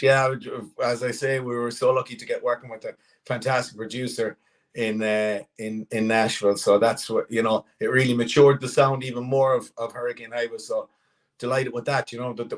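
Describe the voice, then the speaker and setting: An Irish man with a mid-pitched voice talks in an upbeat, chatty way as a guest on a radio interview. He often restarts his sentences as he tells his story. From west of Ireland. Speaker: country band singer and songwriter guest. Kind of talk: casual radio interview chat.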